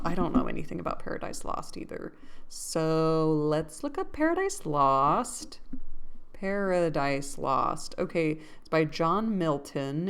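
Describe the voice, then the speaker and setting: A woman reading a classic novel aloud in a casual way. She stops to look things up and makes joking asides. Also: sits low. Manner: laughs to herself, jokey asides. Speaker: book-club host.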